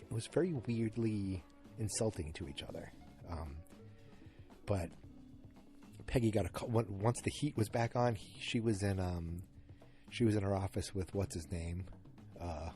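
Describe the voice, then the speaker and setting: A man's voice: on the low side, mellow. A man hosting a podcast, recapping an episode in a loose, rambling, chatty way full of fillers, talking at home while his dog moves around. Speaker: podcast host. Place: at home in New England, moving about with his dog.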